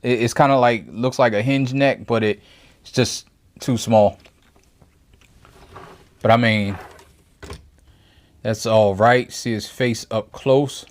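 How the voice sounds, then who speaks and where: A man's voice: mid-range voice, steady tone, slow pace, long pauses. A man in a mid-range voice talks through a toy review at a table in his home setup. He rambles and thinks aloud, often stopping to rephrase himself. His delivery is casual and conversational, never scripted. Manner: rambling, thinks aloud, frequent self-corrections.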